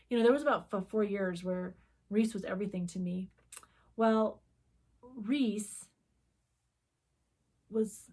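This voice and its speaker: A middle-aged woman co-hosting a crafting channel, telling a story in casual chat and acting out the quoted dialogue. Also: mid-range voice. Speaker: co-host of a cross-stitch video channel.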